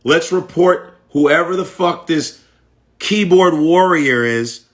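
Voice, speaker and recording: A man's voice: a little high, slow. A New York man, a comedian, doing a teasing comic rant on a phone livestream and repeating his punchlines in shifting voices. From the Bronx, New York. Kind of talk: mocking comic rant on a live stream.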